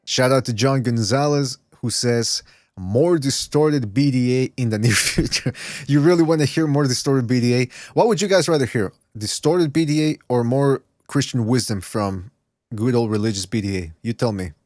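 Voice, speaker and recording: A man's voice: medium pitch, moderate pace, darkish tone. A man hosting a podcast in loose, profane, joking banter. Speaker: podcast host.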